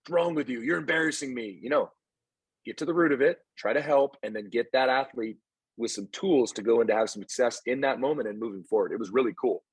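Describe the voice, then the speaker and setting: A man's voice: medium pitch, brisk, slightly rough, no echo. A man who coaches baseball and hosts a podcast, telling stories in casual chat and acting out what people said. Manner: animated storyteller, acts out quoted lines.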